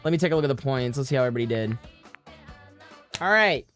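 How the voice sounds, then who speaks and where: Animated woman streamer with lively pitch. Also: fast. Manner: animated, joking, swears freely. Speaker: livestream host running community games. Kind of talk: casual game-stream chat. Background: faint music.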